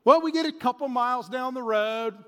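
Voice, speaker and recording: High-voiced pastor in a reverberant hall. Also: male voice, a little fast, clear, resonant tone. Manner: animated, swings between loud bursts and hushed asides. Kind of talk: sermon with storytelling.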